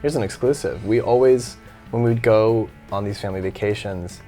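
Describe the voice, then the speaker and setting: A man's voice: fairly low pitch, brisk, warm tone, faint music behind. A man being interviewed in a studio as a musician guest, casual and joking. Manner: playful, joking.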